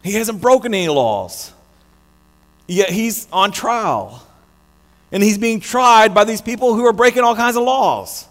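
An American man preaching a sermon, animated, often restarting his words mid-phrase. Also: high voice, unhurried. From United States. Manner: animated, many restarts and stammers. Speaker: pastor. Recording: long hall reverb with mains hum.

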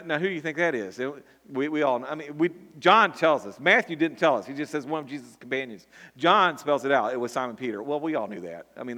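This preacher's voice is fairly high, bright and forceful. He delivers his sermon with earnest conviction, repeating words often and climbing to emphatic peaks. The sound carries a long hall reverb.

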